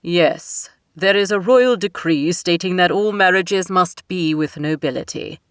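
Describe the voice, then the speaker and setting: A grave, worried older king, as a woman narrator puts him on speaks in slow, heavy, solemn tones. The storybook reading stays close and dry. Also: fairly low pitch, clear, resonant tone, dry recording, lightly acted.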